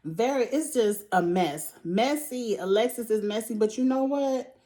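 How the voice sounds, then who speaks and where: A woman's voice: a little high, slow, pauses often, warm tone. A young woman host casually recapping a reality TV episode, blunt and profane, acting out mock quotes with lots of laughter.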